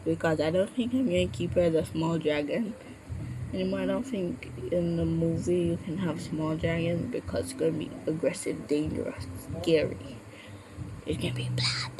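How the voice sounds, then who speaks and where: A woman's voice: on the low side, moderate pace. A woman puppeteer chatting casually, with a sore throat from a cold and stumbling over her words. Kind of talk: casual chat. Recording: steady background noise.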